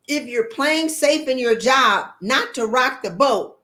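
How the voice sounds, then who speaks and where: A woman's voice: high-pitched, lively intonation, takes it slowly, pushed and bright, reverberant. A woman leadership coach giving a motivational talk, blunt and emphatic, firing off rhetorical questions in sassy, colloquial speech.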